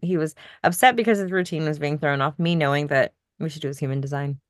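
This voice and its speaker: A middle-aged woman co-hosting a podcast, telling a story in casual chat with soft laughs. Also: deep voice, fast, dry recording, clean studio sound. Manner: reflective, storytelling, laughs softly between points. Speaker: podcast co-host.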